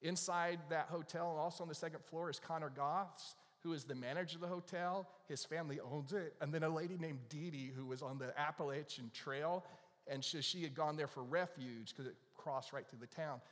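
Pastor preaching in a reverberant hall. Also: male voice, fairly high pitch, brisk. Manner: animated, asks the audience questions. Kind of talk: conversational sermon storytelling. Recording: long reverb of a large hall.

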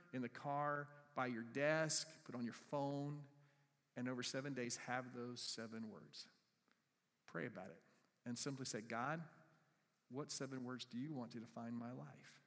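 A male pastor delivers a sermon in a conversational way and keeps turning to his congregation with questions. His voice sits at an ordinary pitch. It rings with the long reverb of a church sanctuary. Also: fairly bright tone.

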